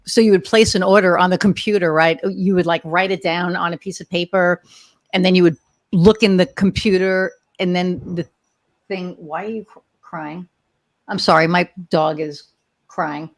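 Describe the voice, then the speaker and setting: This podcast host, a woman in her sixties, keeps things loose and conversational like an informal interview, wandering through chatty anecdotes and poking fun at her own age. She speaks at a moderate pace in a fairly low, steady voice. The studio sound is clean, with no echo.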